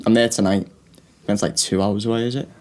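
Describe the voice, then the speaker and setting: A man's voice: on the low side, steady tone, brisk, darkish tone. A young man, a comedian co-hosting a podcast, telling stories in casual chat, swearing often and laughing through them.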